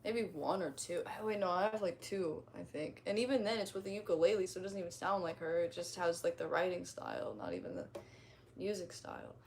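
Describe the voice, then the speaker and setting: Gravelly, blunt young woman streamer. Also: fairly low pitch, animated, brisk, slight background noise. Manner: blunt, profane, rambling, reacting to comments. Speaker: streamer reading chat. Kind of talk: casual livestream chat.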